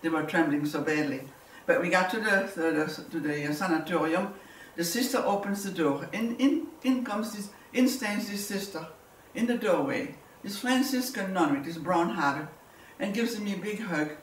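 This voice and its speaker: A woman's voice: lowish voice, moderate pace, few pauses, a little hiss or hum. A woman, giving a personal testimony as a war survivor and telling it vividly with repeated words. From Belgium. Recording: roomy, distant mic, faint ambience.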